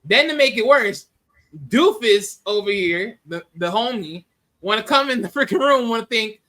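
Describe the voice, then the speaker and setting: A man giving a casual, animated movie review. He laughs often and acts out scenes in different voices. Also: sits high, moderate pace.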